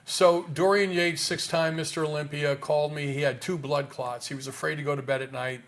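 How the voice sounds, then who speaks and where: A man's voice: a little high, level tone, fairly quick. A man in an interview talking casually about health research, emphatic, with rhetorical questions and frequent restarts.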